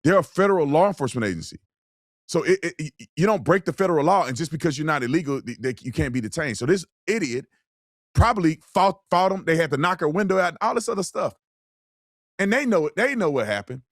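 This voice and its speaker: A man's voice: fairly high pitch, expressive, fast talker, no echo, clean studio sound. A man hosting a commentary show, talking bluntly and emphatically in a colloquial way. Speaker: host. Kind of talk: political commentary with ad read.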